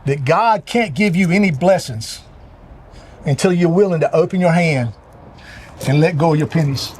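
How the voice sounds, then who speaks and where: High-voiced man preaching a parable. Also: moderate pace, darkish tone, a little hiss or hum. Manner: earnest, preacherly storytelling. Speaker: show regular giving a motivational talk. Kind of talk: parable-style motivational talk.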